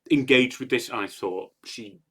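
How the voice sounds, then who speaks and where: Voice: medium pitch, a little slow, breathy edge. A co-host in a casual podcast chat, reflecting on an episode and chiming in with short agreements.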